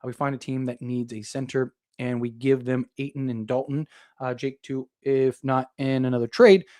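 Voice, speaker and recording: A man's voice: mid-range voice, flat delivery, normal speed, dark tone. A young man hosting a casual live basketball talk stream, rambling with lots of fillers as he reads viewer super chats. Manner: rambling, filler-heavy, thinks aloud. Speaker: sports podcast host reading super chats.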